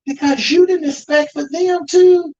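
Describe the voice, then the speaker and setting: A man's voice: extremely high pitch, fairly even intonation, measured pace, darkish tone, highs cut off. A man who works as an undertaker and hosts a show, talking emphatically about grief in a preaching style and calling out to the audience. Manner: emphatic, calls out to the audience with "y'all".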